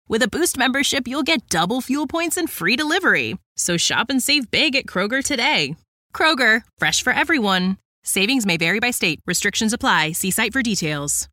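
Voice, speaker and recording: A woman's voice: fairly high pitch, sharp tone, dry recording, clean studio sound. A woman reading a scripted ad in an upbeat, friendly, salesy way. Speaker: ad announcer. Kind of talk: scripted ad read.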